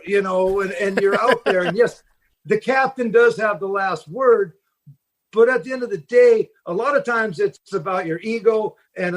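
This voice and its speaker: High-voiced man telling sea stories. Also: a bit bright. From Seattle. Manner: rambling, with many fillers and restarts. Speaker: fishing boat captain, guest. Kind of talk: casual storytelling in a podcast interview.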